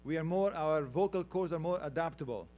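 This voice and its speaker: A man's voice: on the high side, brisk, a little mellow, slight background noise. A man from Afghanistan with an Afghan accent, giving a conversational conference presentation with slides and joking with the audience. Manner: conversational, teasing the audience, calls for next slides. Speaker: conference panel speaker.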